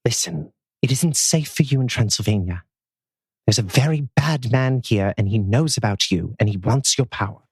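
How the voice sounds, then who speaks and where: A stern, worried mother, voiced by a man at a script table read. Her voice is husky and breathy, recorded dry and close with no room sound. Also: mid-range voice, normal speed, a little mellow, no room sound. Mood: urgent hushed. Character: stern worried mother, middle-aged woman.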